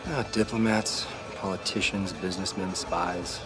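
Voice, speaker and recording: An actor playing a calm, guarded male government agent in a game cutscene, speaking low and measured. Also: natural voice. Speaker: diplomat escorting an agent. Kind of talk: video game cutscene acting. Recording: game audio under commentary, music.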